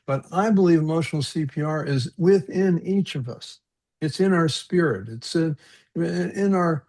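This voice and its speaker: A man speaking on a video call, in a fairly high voice with gravel and fry running through it. The tone is husky rather than clean. He tells personal stories earnestly, stumbling over repeated words and chuckling as he remembers. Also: a little mellow. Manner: earnest, reflective, often repeats words and restarts sentences; chuckles at his own stories. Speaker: presenter on a webinar panel. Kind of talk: personal storytelling talk.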